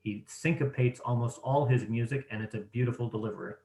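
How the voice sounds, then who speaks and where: A man of middle pitch hosts a video-call session and explains things in a measured, steady way. His voice carries a noticeable room echo. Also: creaky. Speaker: host of a caller training session. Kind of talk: online group discussion.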